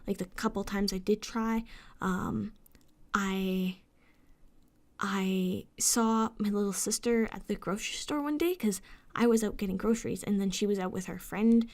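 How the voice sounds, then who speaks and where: A woman's voice: mid-range voice, a little mellow. A young woman telling an upsetting story as a vlogger. She vents, swears a lot and often drops into a whisper. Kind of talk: emotional storytime rant.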